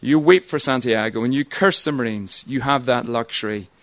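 Stern domineering colonel as a man recites him, booming, forceful, middle pitch, dry sound. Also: moderate pace, no echo, lightly acted. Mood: defiant.

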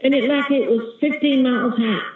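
A woman's voice: high voice, steady tone, fairly quick, reverberant, crowd noise. Woman giving fervent testimony over a phone line. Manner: earnest, vivid storytelling, calls listener sister. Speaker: guest evangelist. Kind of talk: testimony in an interview.

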